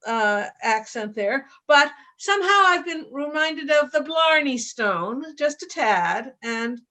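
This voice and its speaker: A woman hosts a storytelling event over a video call, her voice high and clear as she speaks slowly and graciously between acts. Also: expressive, bright, forceful tone. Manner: gracious, measured introductions. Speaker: host. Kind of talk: introducing storytellers at a live event.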